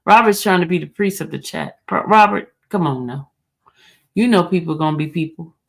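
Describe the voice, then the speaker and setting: A woman's voice: lowish voice, moderate pace, creaky. A woman hosting a casual livestream, chatty and teasing as she talks straight to her chat and reads their comments. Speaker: livestream host.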